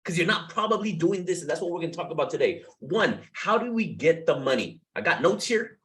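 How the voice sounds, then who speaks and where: Young male business coach, pumped-up and jokey, fairly high and very bouncy pitch. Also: big pitch swings, brisk, fairly bright tone, poor audio. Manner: hyped, playful, repeats catchphrases, swears casually. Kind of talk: energetic motivational talk to camera.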